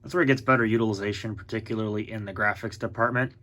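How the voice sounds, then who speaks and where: A man's voice: on the low side, fairly even intonation, very fast, fairly bright tone. A man talking casually through a laptop setup in a vlog, thinking aloud and correcting himself as he goes. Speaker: tech vlogger. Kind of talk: casual tech walkthrough vlog.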